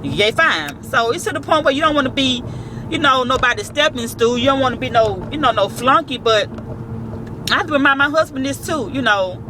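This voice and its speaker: A woman's voice: sits high, lively intonation, a little fast. Lady telling it straight, cussing, outside by a road with traffic noise. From Southern US. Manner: blunt, profane, storytelling with quoted voices. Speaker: vlogger giving work advice. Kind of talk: casual advice talk.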